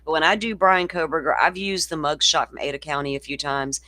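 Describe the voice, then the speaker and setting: A woman's voice: deep voice, fairly quick, sharp tone. A woman with a Southern accent hosting a casual true-crime chat, blunt and salty, swearing freely. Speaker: host.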